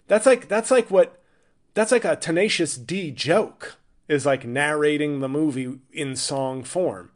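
A man's voice: fairly high pitch, measured pace. A man hosting his own podcast as a stand-up comedian, riffing in a rambling, irreverent, self-interrupting monologue.

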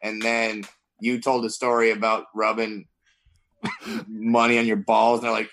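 A man's voice: lowish voice, completely flat delivery, a little slow, gravelly, long pauses, a bit bright. A man on a casual comedy podcast, teasing the host with crude jokes.

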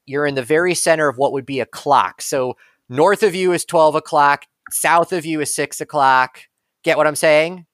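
A man's voice: fairly high pitch, moderate pace, a bit bright, no echo. Man running a tabletop game, dry sound. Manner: casual, laid-back rulings. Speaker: game master.

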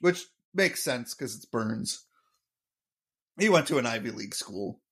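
A man's voice: medium pitch, expressive, measured pace, a bit bright. A man co-hosting a podcast in casual chat, joking, laughing often and explaining sports trivia. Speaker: podcast co-host. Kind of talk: casual episode recap chat.

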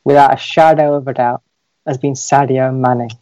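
A man's voice: medium pitch, steady tone, moderate pace, dark tone, no room sound, highs cut off. A man co-hosting a live podcast, telling a story with playful teasing. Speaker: co-host. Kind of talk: casual live podcast banter.

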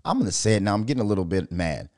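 A man hosting a podcast in heated commentary, his voice swinging widely in pitch as he rants. He swears freely and hammers his points with rhetorical questions. The sound is dry and close. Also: sing-song, very fast, darkish tone, no echo. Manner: profane, fiery, fires off rhetorical questions. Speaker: podcast host.

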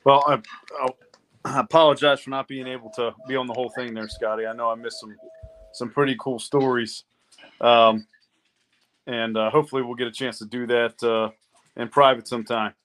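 A man's voice: mid-range voice, level tone, fairly quick, a bit bright, poor audio. A man on a podcast panel, speaking politely in an apologetic wrap-up.

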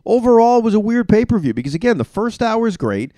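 A man's voice: high-pitched, fast talker, dry recording. A man hosting his own solo podcast, giving opinionated and emphatic reactions in a ranting way. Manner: animated, emphatic. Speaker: podcast host.

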